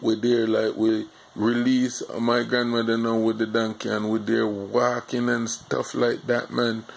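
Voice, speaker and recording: A man from Jamaica with a Jamaican accent, telling a childhood story in a rambling, halting way full of fillers. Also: mid-range voice, completely flat delivery, creaky, poor audio. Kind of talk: casual storytime monologue.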